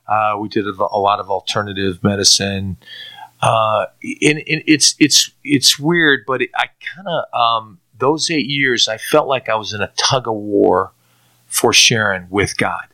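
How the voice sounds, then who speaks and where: A middle-aged man giving a personal faith testimony in an earnest, halting way, often restarting and repeating words. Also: on the low side, steady tone, pushed and bright. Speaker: testimony speaker.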